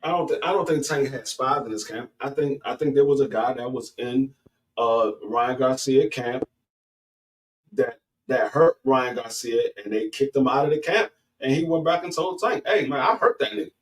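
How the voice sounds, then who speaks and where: A man in casual sports talk, speaking haltingly with many restarts and climbing high in pitch when he argues a point. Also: far from the mic, poor audio. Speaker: boxing talk guest.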